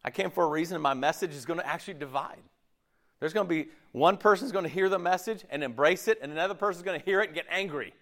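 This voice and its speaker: A man preaching a sermon in an animated, conversational way, acting out quick asides. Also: a little high. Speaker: pastor.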